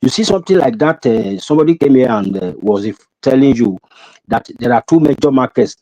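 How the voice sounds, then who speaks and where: A man's voice: mid-range voice, lively intonation, fairly quick, dark tone, dry recording, dull audio. A Nigerian man making emphatic points in an online political discussion, cutting in to hold the floor. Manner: emphatic, interrupts. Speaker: panelist. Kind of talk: heated political debate.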